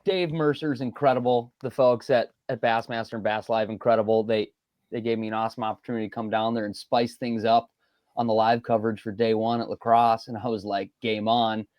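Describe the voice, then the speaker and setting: A man's voice: on the low side, fairly even intonation, brisk, a little mellow, dry recording. A man co-hosting a podcast, telling a story with lots of energy, acting out quotes and laughing often. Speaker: podcast co-host. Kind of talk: casual podcast banter.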